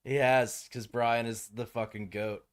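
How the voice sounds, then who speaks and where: A young man hosting a live gaming stream, chatting casually, animated and swearing freely. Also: mid-range voice, measured pace. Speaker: livestream host.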